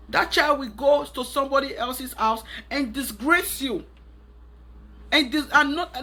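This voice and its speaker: A woman's voice: medium pitch, fairly bright tone, breathy edge. A woman with a Nigerian accent giving emphatic, preachy parenting advice in a monologue, repeating her points. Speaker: parenting vlogger.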